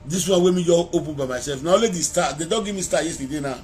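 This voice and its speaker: A man with a Nigerian Pidgin accent, talking to his followers in a rambling, animated live-video monologue, breaking at times into chanted praise calls, speaking into a phone held to his face. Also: fairly high pitch, fast. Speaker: social media vlogger.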